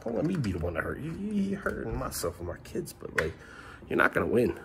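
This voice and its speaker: A man's voice: medium pitch, huge pitch swings, fast, vocal fry, a crowd in the background. A middle-aged man vlogging a frustrated, rambling rant to the camera, repeating himself and swearing, recorded on a phone. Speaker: family vlogger.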